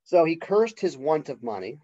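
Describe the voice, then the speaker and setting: A male college literature professor giving a casual classroom lecture, conversational and acting out characters' lines in quick voices. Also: a little high, sing-song, mellow, dry recording. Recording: dull lo-fi lecture recording.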